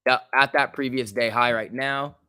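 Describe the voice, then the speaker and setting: A man hosting a live trading stream, giving loose running commentary, reading chat aloud and breaking into quick excited outbursts. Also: medium pitch, smooth, dry recording, studio quality. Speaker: livestream host.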